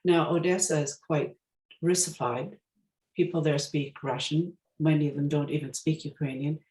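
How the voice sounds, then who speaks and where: A woman's voice: sits low, fairly even intonation, moderate pace, darkish tone, roomy sound, poor audio. A woman giving a storytelling talk as a guest speaker, reflective and searching for her words as she goes.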